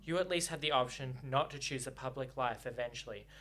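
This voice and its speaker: A man's voice: mid-range voice, a little fast, pushed and bright, a little hiss or hum, natural voice. A man reading as a bitter young prince. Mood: bitter anger. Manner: cutting, bitter, swearing. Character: young male prince and heir, guarded and bitter.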